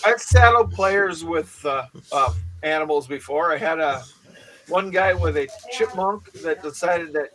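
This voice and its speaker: A man's voice: fairly high pitch, a little slow, a crowd in the background, rough recording. A man who runs tabletop games, rambling through stories in casual chat. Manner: rambling, with many restarts and laughs. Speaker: game master.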